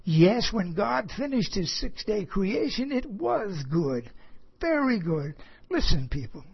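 A man's voice: high-pitched, very animated, slow pace, vocal fry, breathy edge. A man preaching a sermon, earnest and rhetorical, asking his listeners questions and chuckling at himself. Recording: dull lo-fi recording.

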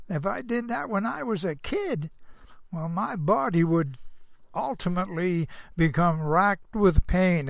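An older male storyteller delivers a folksy Christian moral monologue, rambling, chuckling to himself and repeatedly asking the listener rhetorical questions. His voice is a little high and gravelly, in studio-quality audio with no room sound.

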